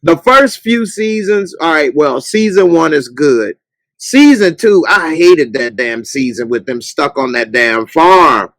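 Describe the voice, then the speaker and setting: Animated man ranting casually, dry mic. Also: on the high side, unhurried, no room sound, poor audio. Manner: animated, yells mock rants at TV characters. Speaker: podcast host. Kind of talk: casual chat.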